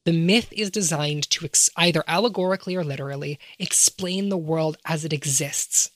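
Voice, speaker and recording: A woman's voice: low-pitched, normal speed, no echo. A woman talking through an idea in an academic way, asking rhetorical questions as she explains. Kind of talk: casual analytical discussion.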